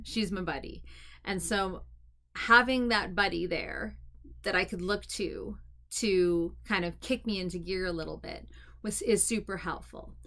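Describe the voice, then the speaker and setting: A woman talks straight to her viewers in a loose, chatty way, restarting sentences as she goes. Her voice sits at an ordinary middle pitch, and she turns upbeat and encouraging when she gives advice. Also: a bit bright. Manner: chatty, candid, many restarts and fillers; encouraging pep-talk tone. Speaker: mental health vlogger. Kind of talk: casual advice talk to camera.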